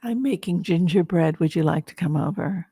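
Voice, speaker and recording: A woman putting on the voice of a self-styled crazy woman, taunting in a slow, whispery, half-whispered way. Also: on the low side, dark tone, breathy edge, no echo, studio quality.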